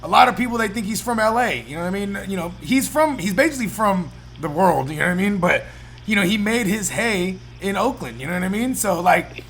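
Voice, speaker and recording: Rambling Bay podcast host. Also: male voice, high voice, lively intonation, fairly quick, a bit bright. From San Francisco Bay Area. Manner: rambling, constant "you know what I mean", swears freely. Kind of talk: casual chat.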